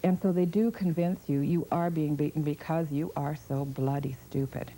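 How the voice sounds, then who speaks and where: Interviewee, woman, low dark voice, blunt and direct. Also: fairly even intonation, moderate pace, slight background noise, rough recording. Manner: plain-spoken and direct. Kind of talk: personal testimony.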